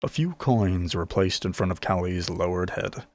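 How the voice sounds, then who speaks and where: A man narrating a fantasy audiobook with expressive storytelling. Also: sits low, normal speed.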